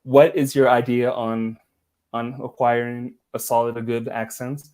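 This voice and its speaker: A man hosting a live-streamed podcast, chatty and quick to laugh as he talks to his guest and viewers. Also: medium pitch, flat delivery, darkish tone. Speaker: podcast host. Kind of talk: live-streamed casual interview.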